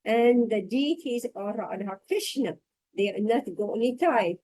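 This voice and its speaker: A woman with a fairly high but mellow, warm voice leads a scripture class. She reads passages aloud and then talks them through in a reflective way, circling back to repeat key phrases. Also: lively intonation, measured pace, low-quality recording. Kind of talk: scripture reading and discussion.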